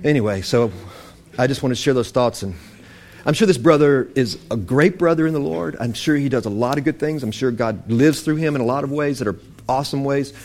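A man preaching, emphatic and animated, quoting scripture as he teaches. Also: medium pitch, fairly quick. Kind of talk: sermon-style teaching.

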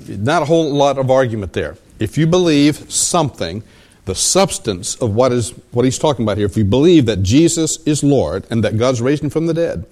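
A man's voice: mid-range voice, lively intonation, normal speed, a little mellow. A man preaching a sermon as pastor, teaching verse by verse and often repeating and rephrasing his questions to the congregation. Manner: asks the congregation for assent.

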